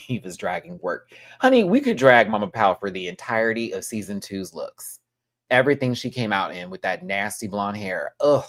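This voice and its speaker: A man hosting a live reaction review, talking in an animated way and repeating words for emphasis. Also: on the low side, moderate pace. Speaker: host.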